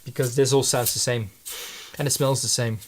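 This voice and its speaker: This man makes paints by hand and chats casually in his studio, musing aloud with frequent restarts, hesitation, and rambling. His mid-range voice has fairly even intonation and a normal pace, with slight background noise.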